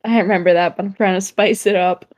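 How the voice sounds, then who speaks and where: A woman's voice: medium pitch, fairly even intonation, quick pace, darkish tone. Giggly woman playing a tabletop game. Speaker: player. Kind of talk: casual tabletop game chat.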